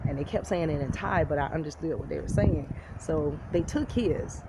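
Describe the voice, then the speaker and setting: A woman from the United States telling a personal story to camera in a blunt, profane, animated way. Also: low-pitched, normal speed, few pauses. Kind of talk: casual storytime monologue. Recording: loud background noise.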